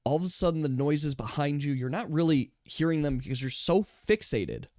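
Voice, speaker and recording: A game master narrating a tabletop role-playing game in slow, drawn-out descriptions that sometimes drop to a hush. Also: mid-range voice, animated, no echo, studio quality.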